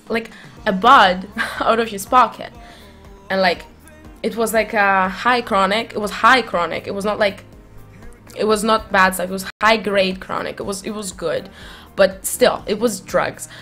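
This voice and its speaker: A woman's voice: mid-range voice, fairly bright tone. A woman streamer casually telling a long personal story to her live chat, rambling and restarting often with lots of "like".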